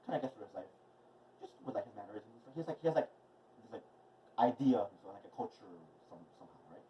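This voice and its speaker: A man's voice: mid-range voice, a little hiss or hum. Rambling man, distant and dull-sounding. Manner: rambling, filler-heavy, chatty. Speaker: movement and wellness instructor. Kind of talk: casual instructional vlog.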